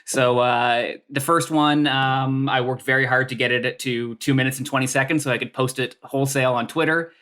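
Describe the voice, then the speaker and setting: A man's voice: mid-range voice, steady tone, normal speed, few pauses, bright, forceful tone. Rambling man, podcast guest. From Canada. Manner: rambling, lots of filler words and restarts. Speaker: guest sketch comedian. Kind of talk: casual podcast chat.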